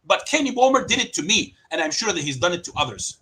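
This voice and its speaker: A man's voice: high voice, big pitch swings, quick pace, sharp tone, breathy edge, low-quality recording. A man presenting evidence in a heated online debate, passionate and indignant as he speaks. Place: lives in Greece.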